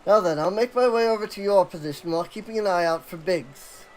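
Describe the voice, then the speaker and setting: A game player voicing an older, kindly male chief engineer with measured, formal delivery, reading game dialogue aloud. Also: medium pitch, faint music behind, natural voice, low-quality recording. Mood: calm.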